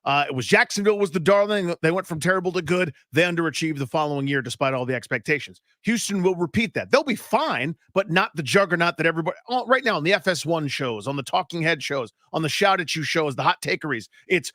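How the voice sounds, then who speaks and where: Male sports talk co-host, dry studio voice, higher-pitched, emphatic and opinionated. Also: lively intonation, fairly bright tone, dry recording. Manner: emphatic, quick, opinionated predictions.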